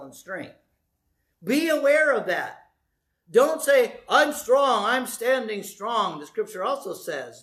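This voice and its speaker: A male pastor preaching a sermon in a lively, conversational way, often asking the congregation questions. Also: very high-pitched. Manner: animated, conversational, asks the audience questions.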